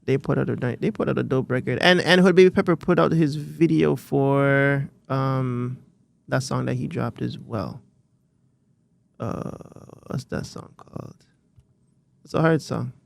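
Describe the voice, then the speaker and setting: A Canadian man co-hosting a podcast, chatting casually in animated, rambling bursts with frequent restarts. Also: mid-range voice, measured pace, gravelly. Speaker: podcast co-host. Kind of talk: casual chat.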